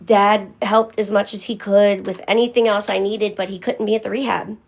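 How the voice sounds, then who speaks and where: Young woman, gravelly voice, casual live-stream chat, candid, thanks viewers by name. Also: medium pitch, flat delivery, moderate pace. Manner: candid, answers commenters by name.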